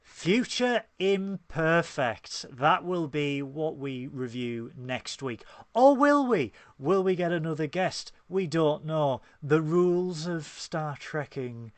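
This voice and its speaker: A man's voice: a little high, slow, hardly any pauses, no echo. Jokey Northern English man, dry sound. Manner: jokey, plugging links and channels. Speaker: podcast co-host. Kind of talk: casual chat.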